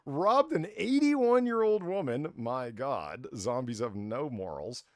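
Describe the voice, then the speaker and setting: A man running an online comedy show with a very animated voice that swings up and down as he tells stories. He laughs through his own lines and swears casually. The sound is dry and close on a computer mic. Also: mid-range voice, takes it slowly, no echo.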